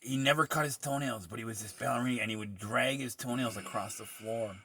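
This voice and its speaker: A man in casual podcast chat, riffing deadpan, absurd jokes and tall tales. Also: medium pitch, a little fast, slight background noise.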